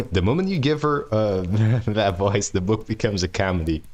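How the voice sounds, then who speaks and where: A man's voice: lowish voice, animated, moderate pace, a little mellow. A man reading a novel aloud on a live stream and chatting casually between chapters, laid-back, swearing and laughing often.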